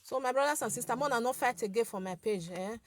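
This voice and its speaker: A Nigerian-accented woman in her forties with a light, girlish voice hosts a casual live chat for her social media followers. She's chatty and scolding, repeats herself and laughs a lot, speaking fast at a fairly high pitch. There's no echo.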